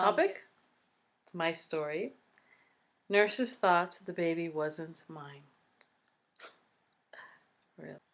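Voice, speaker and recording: A young woman with a Caribbean English accent chatting to her viewers in a personal vlog, expressive and swinging from loud to soft whispery asides. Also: mid-range voice. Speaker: vlogger. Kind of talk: casual personal storytime vlog.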